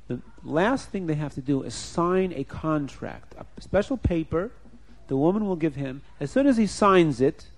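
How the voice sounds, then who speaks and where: Animated male storyteller, slightly high voice. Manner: animated, questions the listeners, acts out scenes. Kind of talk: storytelling to children with a moral lesson.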